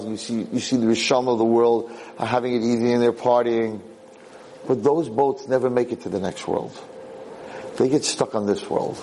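Animated man telling a parable. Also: medium pitch, slight background noise, low-quality recording. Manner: animated storyteller, Yiddish-sprinkled. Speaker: Jewish lecturer. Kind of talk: parable storytelling lecture.

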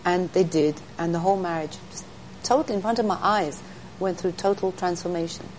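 A woman's voice: on the low side, brisk, a little mellow, a little hiss or hum, low-quality recording. A middle-aged woman, a guest in an interview, telling faith stories in an earnest teaching tone. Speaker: interview guest, speaker to women. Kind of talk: storytelling in an interview.

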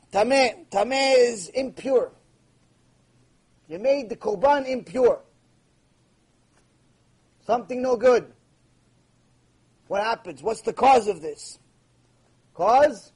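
A middle-aged man teaching Torah in a live lecture, his voice pitched high with a husky edge. He drives his points home by repeating them and slips into acted-out prayers to make them vivid. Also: expressive, measured pace, long pauses, darkish tone, poor audio. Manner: emphatic, repeats key phrases, acts out imagined prayers.

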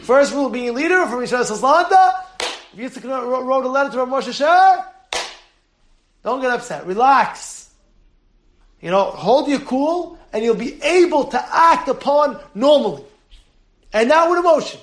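A rabbi teaches his congregation in a lively, animated way, laughing often and acting out little scenes. His voice sits very high for a man. The room around him is roomy and echoing. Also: moderate pace, a little hiss or hum. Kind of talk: Torah class.

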